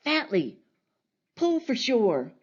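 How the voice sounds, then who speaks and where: A woman voicing a bossy, cheerful old countrywoman who scolds in a brisk, folksy way, in a storybook reading. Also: fairly high pitch, huge pitch swings, lo-fi sound, heavily acted.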